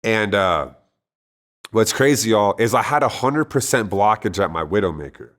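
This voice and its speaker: A man's voice: on the low side, lively intonation, moderate pace, a bit bright. A man sharing a personal testimony in an earnest, conversational way, often restarting his sentences. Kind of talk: casual spoken testimony.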